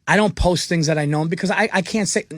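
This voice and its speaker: Excitable male comedian telling a story. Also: high-pitched, quick pace, no echo, clean studio sound. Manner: excitable, laughing through his story. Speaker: comedian guest. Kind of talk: animated storytelling on a radio show. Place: radio studio. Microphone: studio microphone.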